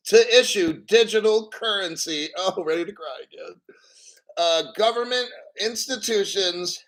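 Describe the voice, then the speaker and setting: A high-pitched man hosts a live-streamed crypto show with callers, slowly reading an article aloud and then riffing on it. He's excitable and profane, often mock-tearfully claiming he's about to cry.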